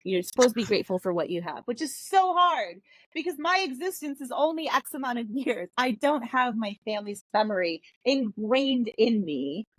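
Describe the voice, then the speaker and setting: A woman's voice: a little high, expressive, normal speed, no room sound. A woman in her thirties, a guest on a podcast, talking casually and bluntly and acting out her kids' lines. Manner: candid, blunt, quotes her kids in dialogue.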